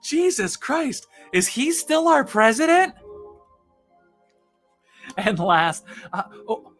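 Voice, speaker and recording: A man voicing an overexcited adult man who gasps and blurts out shrill exclamations. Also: very slow, fairly bright tone, soft background music, full character voice. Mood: excited. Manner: gasping, shrill, breathless exclamations.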